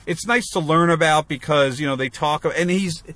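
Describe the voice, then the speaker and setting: Fairly high and fairly bright, his voice moves at a moderate pace with no room sound. He's a podcast co-host chatting loosely, rambling through lots of fillers and restarts.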